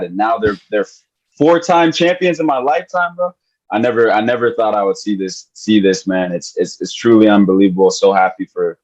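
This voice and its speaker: A man co-hosting a sports podcast, emotional and excited, repeating himself and calling people bro and man. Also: on the low side, muffled recording. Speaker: podcast co-host. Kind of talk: excited casual sports chat.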